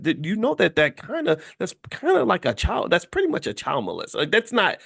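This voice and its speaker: A man's voice: high voice, wildly swooping pitch, fairly quick, gravelly, hardly any pauses, a bit bright, breathy edge. A man from Kentucky hosting a podcast, talking emphatically with frequent restarts and repeated words. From Kentucky, USA. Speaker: podcast host. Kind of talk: passionate social commentary.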